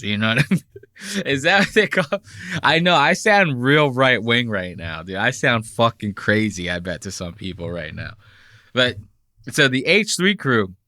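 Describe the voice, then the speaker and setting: A man's voice: mid-range voice, bright, forceful tone, no room sound, clean studio sound. An American man in his thirties hosting a podcast, ranting in casual commentary full of profanity. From United States. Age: 30s. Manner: profane, heated, rambling. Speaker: podcast host.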